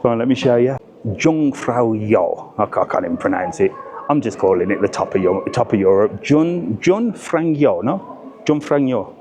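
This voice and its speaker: A man's voice: deep voice, quick pace, background noise. A middle-aged man, vlogging his trip in a chatty, blunt way and swearing when annoyed. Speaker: travel vlogger. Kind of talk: casual travel vlog. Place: crowded alpine train station and train. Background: crowd chatter.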